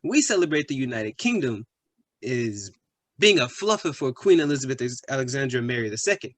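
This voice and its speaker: A man's voice: mid-range voice, sing-song, brisk, no room sound. A man playing a crude, leering British bloke. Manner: leering, boastful, full of slang. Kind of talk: comedy sketch acting.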